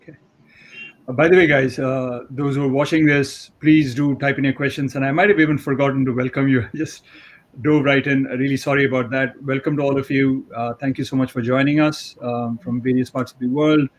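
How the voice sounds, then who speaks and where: A man's voice: mid-range voice, little pitch movement, a little fast, rough recording. A man hosting a live online interview, speaking in a friendly, loose way with many fillers. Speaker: host.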